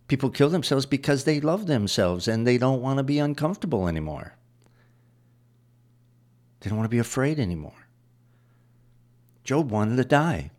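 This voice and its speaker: A man preaching a sermon, going through scripture verse by verse and driving points home with repetition. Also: medium pitch. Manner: explains verses line by line, repeating phrases.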